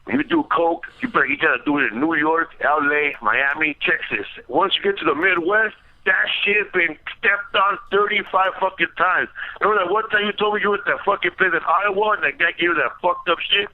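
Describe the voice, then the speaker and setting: A man's voice: sits high, lively intonation, brisk. A male comedian calling in to a podcast, chatting in a laid-back way and saying man and bro a lot. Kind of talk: casual phone-in chat. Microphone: phone. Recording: tinny phone line.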